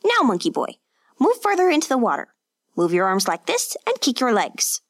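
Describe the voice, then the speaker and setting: A woman voicing a stern male master who barks commands at his pupil in a raised, pitched-up voice. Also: wildly swooping pitch, moderate pace, dry recording, clean studio sound, full character voice. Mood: commanding. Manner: barking, commanding. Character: stern man, a harsh swimming master.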